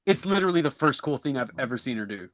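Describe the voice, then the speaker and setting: A man's voice: mid-range voice, very animated, dry recording. A man co-hosting a casual comedy podcast, wry and teasing. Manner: wry, teasing, quick to laugh. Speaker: podcast co-host.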